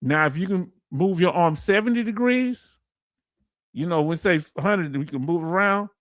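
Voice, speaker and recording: Southern guy running a live chat stream, reads comments out loud, kinda high voice, no room echo. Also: animated, normal speed, studio quality. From Southern United States. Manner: reads out viewer comments and explains with loose grammar. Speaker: livestream host. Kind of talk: casual livestream chat.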